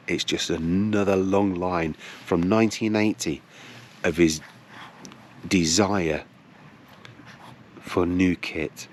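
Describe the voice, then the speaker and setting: An older man spins a wry, dramatic anecdote at an unhurried pace, with long pauses. His voice sits very low, and there is a faint hum of noise behind him. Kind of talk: casual anecdote telling.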